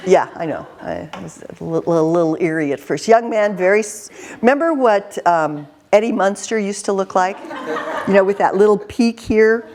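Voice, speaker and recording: A woman in her fifties, a career counselor, telling lively stories in an interview with an intense manner and frequent laughter. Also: mid-range voice, normal speed. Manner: animated, laughing storyteller. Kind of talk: storytelling in an interview.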